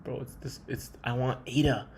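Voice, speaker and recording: A man's voice: medium pitch, little pitch movement, normal speed, creaky, darkish tone, a little hiss or hum. A man muttering to himself in a casual vlog while trying out voices, saying "bro" a lot. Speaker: startup founder vlogger. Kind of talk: casual thinking-aloud vlog.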